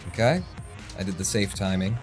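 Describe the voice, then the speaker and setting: A man's voice: deep voice, normal speed. A man streaming a speedrun, commenting on his play while swearing and talking to himself. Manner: swears often, mutters running self-talk. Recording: game music under voice.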